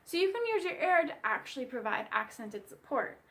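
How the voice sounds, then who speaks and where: A woman bassoon teacher giving a clear, friendly instructional music lesson. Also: expressive, a little fast, fairly bright tone.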